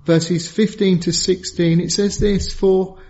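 Male preacher, high voice, pleading and earnest, muffled lo-fi sound. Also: little pitch movement, takes it slowly. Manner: earnest, pleading, drops low and soft for emphasis. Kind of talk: sermon. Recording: dull lo-fi sound.

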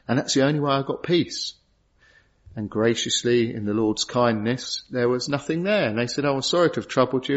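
A middle-aged man preaching a sermon in earnest, pausing between short phrases and rising for emphasis. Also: mid-range voice. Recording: dull lo-fi sound.

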